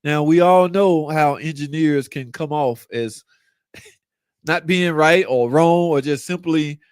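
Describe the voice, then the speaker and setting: A man's voice: fairly high pitch, slow, clean tone, dry recording. A man with a slightly raised voice hosts a casual live car-talk stream. He goes through viewer comments in loose slang and jokes with them. The sound is close and dry, with no room around it. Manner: loose, slangy, joking banter. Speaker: car channel host.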